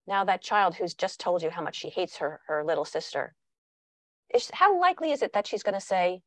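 A woman's voice: mid-range voice, lively intonation, normal speed, no echo. A woman giving a talk on parenting who walks listeners through an exercise and acts out quoted dialogue. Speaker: parenting workshop speaker. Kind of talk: presentational talk.

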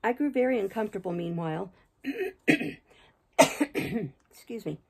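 A woman reading a classic novel aloud in a steady, measured manner. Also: mid-range voice, creaky, slightly rough, rough recording. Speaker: reader, channel host. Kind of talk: audiobook reading.

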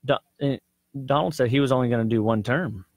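A man co-hosting a radio show in a relaxed, laid-back way, tossing in casual slang. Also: medium pitch, a little fast, no echo. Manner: laid-back, says dude a lot. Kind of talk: casual talk-radio banter. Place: radio studio.

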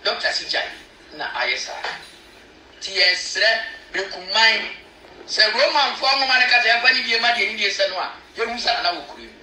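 A Ghanaian man with a high, very bright voice explains local custom with lively asides. His voice rings in a roomy, echoey space. A faint noise sits behind him. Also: a little fast, far from the mic. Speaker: chief's spokesman. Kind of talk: explaining to a local news camera.

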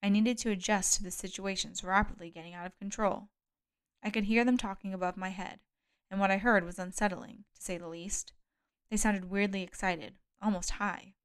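A woman reading a first-person thriller audiobook in a measured, steady narration. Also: medium pitch, clean tone. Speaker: audiobook reader.

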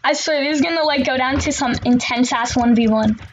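A woman commentating on her own gameplay, excitable and swearing, with sudden shouts between quieter muttering. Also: sits high, a little fast, lo-fi sound, slight background noise. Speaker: gamer.

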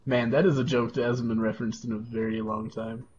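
A man co-hosting a game stream, quietly reading chat aloud in a laid-back way. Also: mid-range voice, little pitch movement, brisk, dull audio, slight background noise.

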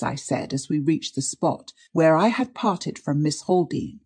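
A woman reading a period mystery story aloud in a measured, dramatic narration. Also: sits low, expressive, a little mellow, husky. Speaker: audiobook reader. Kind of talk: scripted narration.

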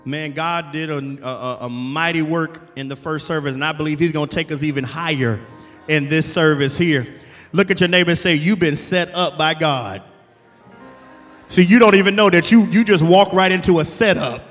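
Brief: high-voiced man, guest pastor, bright tone, echoey church with music under him. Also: fairly even intonation, a little fast. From Alabama, USA. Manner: call-and-response preaching, building to shouts. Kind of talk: sermon. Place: church sanctuary.

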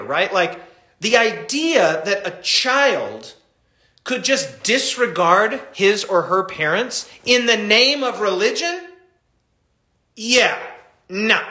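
A middle-aged man, a pastor, teaching a Bible study in an animated, impassioned way. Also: high voice, echoey room.

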